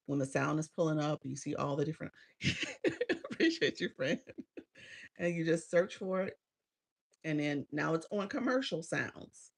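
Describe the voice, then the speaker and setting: A middle-aged woman talks casually to her live-stream viewers, reading their comments aloud and laughing often. Her voice has a gravelly, fry-touched edge. The sound is close and dry, with no room echo. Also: low-pitched.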